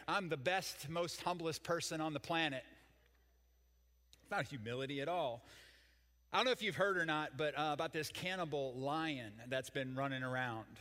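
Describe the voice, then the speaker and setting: A man's voice: a little high, pushed and bright, in a large hall. An older man preaching a sermon as pastor, folksy and joking with the congregation. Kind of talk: sermon with jokes.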